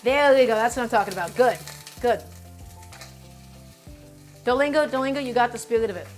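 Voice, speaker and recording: A woman's voice: fairly high pitch, a little fast, soft background music. A woman streamer teaching a cooking lesson live, chatty and emphatic, often addressing her chat directly.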